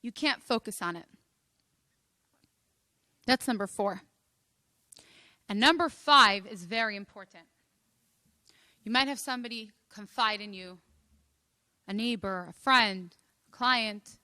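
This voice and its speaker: A woman coach giving a motivational lecture, telling stories and making points with animated emphasis. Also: mid-range voice, unhurried, pauses often, dry recording, clean studio sound. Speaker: life coach and speaker.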